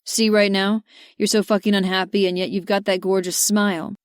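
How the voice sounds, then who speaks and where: A once-grumpy young man in love, speaking soft, deep-ish and earnest, as a woman reads him. His lines have a smooth tone with little room sound around them. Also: little pitch movement, moderate pace, no echo, studio quality, natural voice.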